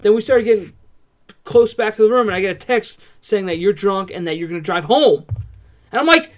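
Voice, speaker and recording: A man's voice: high voice, a little fast, darkish tone. A young man retelling a shared night out in casual, profane chat with a friend.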